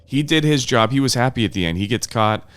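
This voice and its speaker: A man's voice: medium pitch, expressive, fast, fairly bright tone, clean tone. A man co-hosting a film review podcast in casual chat, laid-back and frank, often chuckling between his points. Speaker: podcast co-host.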